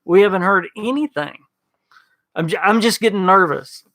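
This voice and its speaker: A man's voice: high voice, lively intonation, normal speed, fairly bright tone. A man hosting a gaming podcast livestream, rambling casually, stumbling over restarts and answering chat messages by name. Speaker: podcast host reading live chat.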